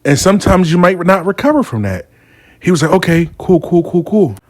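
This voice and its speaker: A man's voice: high voice, big pitch swings, brisk, a little mellow, no room sound, studio quality. A man telling a casual story, acting out both sides of a dialogue. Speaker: storyteller host.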